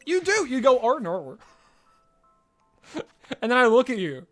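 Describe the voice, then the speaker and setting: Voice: high-pitched, very animated, fairly quick, faint music behind. An Australian streamer giving casual live-stream commentary, chatty and playful, laughing often.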